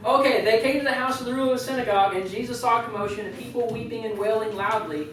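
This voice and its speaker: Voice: medium pitch, fast talker, a bit bright, slight background noise. Chatty youth leader in an echoey room. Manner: joking, chatty, with rambling asides. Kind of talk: casual youth sermon. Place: youth group meeting room. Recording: very echoey room, voice far from the mic.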